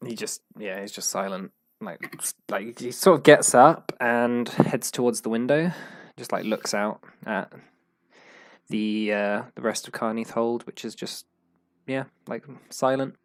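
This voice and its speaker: A man's voice: medium pitch, unhurried. A man acting as game master, describing the game world in a rambling way with many restarts. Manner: rambling, full of fillers and restarts.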